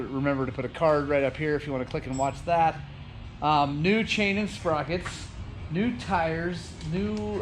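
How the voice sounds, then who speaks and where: A man running a motorcycle shop, talking casually and enthusiastically to the camera, with lots of fillers. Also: on the high side. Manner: upbeat, enthusiastic, many fillers. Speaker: motorcycle shop owner and vlogger. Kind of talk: casual vlog talk to camera.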